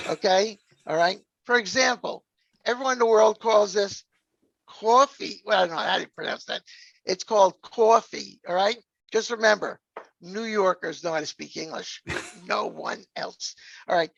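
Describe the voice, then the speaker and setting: Gravelly older New man hosting. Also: sits high, a little fast, fairly bright tone, no echo. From New York area. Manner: chatty, jokey, peppers lines with "all right?". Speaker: podcast host. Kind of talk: casual podcast chat. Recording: dull, dry lo-fi sound.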